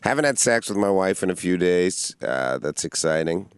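A man in casual comedic podcast chat, telling crude stories with a deadpan delivery. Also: low-pitched, normal speed, clear, resonant tone, no room sound, studio quality. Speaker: podcast co-host.

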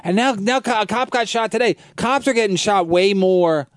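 A man hosting a casual radio chat, talking loudly in a rambling, provocative way with many restarts. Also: high-pitched, moderate pace, no echo. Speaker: host.

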